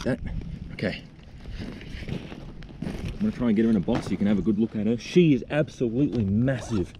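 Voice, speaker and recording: A man vlogging outdoors in the bush, talking gently and excitedly as he coaxes a spider out of its burrow. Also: on the low side, background noise. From Australia. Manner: excited, gentle, coaxing, thinking aloud. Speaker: nature vlogger. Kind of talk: outdoor wildlife vlog, talking to camera. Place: outdoors in a bushland reserve.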